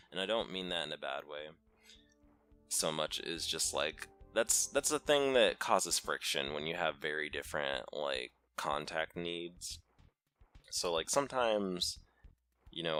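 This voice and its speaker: Super deep hoarse guy doing let's play commentary, gravelly and kinda bright edge, rambling chatty. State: hoarse from a cold. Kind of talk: casual gaming commentary.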